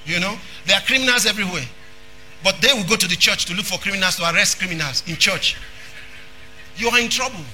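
A man preaches with a high, piercing, bright voice. He repeats phrases for emphasis and often rises into a shout. Soft music plays underneath. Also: fast. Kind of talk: sermon.

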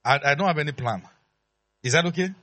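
A man preaching a sermon in an animated, playful way, calling out to the congregation. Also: fairly high pitch, fast talker. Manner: animated and playful, acts out dialogue, calls out to the congregation.

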